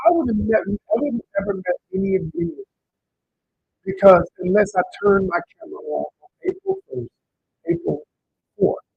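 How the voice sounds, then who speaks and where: Very gravelly, raspy man coaching live. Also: high-pitched, muffled recording. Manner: emotional, addresses viewers directly as y'all. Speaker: relationship coach. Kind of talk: live-streamed storytelling talk. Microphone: handheld microphone.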